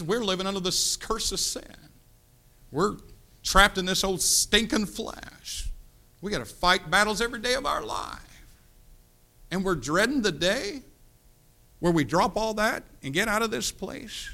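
Pastor, man in his 50s, American, fervent church sermon, very bright ringing tone, slightly high voice. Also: animated, normal speed, pauses often. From United States. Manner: impassioned preaching, swells loud then drops to hushed. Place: church sanctuary.

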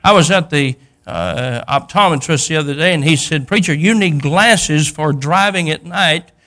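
Folksy older preacher with a bright voice. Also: male voice, fairly high pitch, moderate pace. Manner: folksy storytelling, acting out Bible characters, builds to loud peaks. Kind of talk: sermon.

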